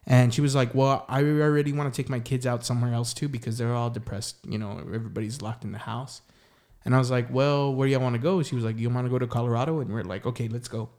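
A young man talks through a story as an interview guest, at a middling pitch for a man. He rambles and leans on filler words as he goes, in a loose, casual way. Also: steady tone, fast, darkish tone. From San Antonio, Texas. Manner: rambling, heavy use of "like" and "you know". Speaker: singer-songwriter guest.

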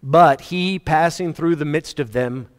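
Emphatic preacher in a reverberant church. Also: male voice, measured pace. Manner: emphatic preaching with wide swings in pitch and loudness. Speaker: pastor. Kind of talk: sermon.

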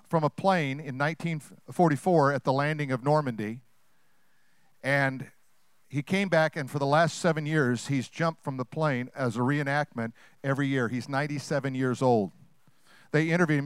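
A male pastor preaching a sermon in a lively, conversational way that often acts out voices. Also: mid-range voice, normal speed, smooth, no echo.

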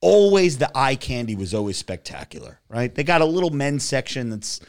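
A man from New Jersey holds the mic on a crude podcast, telling stories in loud, profane bursts. His pitch climbs and dips all over the place as he works himself up. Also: big pitch swings, a little fast, creaky. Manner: loud, profane, swaggering storyteller. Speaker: podcast host. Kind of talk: crude casual podcast banter.

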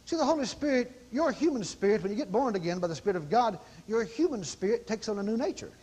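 Male preacher, high voice, very animated pitch, folksy, dramatic. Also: fast, breathy edge. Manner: folksy, dramatic, acts out quoted exclamations. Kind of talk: sermon.

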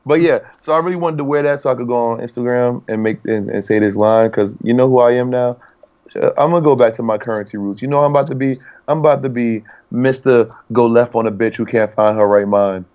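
A young man co-hosting a podcast in casual chat, excitable and profane, stumbling as he hunts for words. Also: mid-range voice, fast talker. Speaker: podcast co-host. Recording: slightly dull lo-fi sound.

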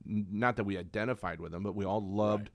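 A man with a low voice co-hosting a podcast in loose, casual chat. He rambles enthusiastically, often stopping and restarting his sentences. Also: fast talker. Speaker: podcast co-host.

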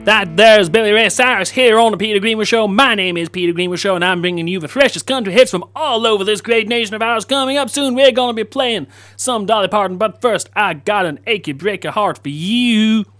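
A man's voice: high voice, fairly quick, a bit bright. A man voicing a folksy American country radio DJ with a Southern accent and a drawling twang. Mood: jaunty.

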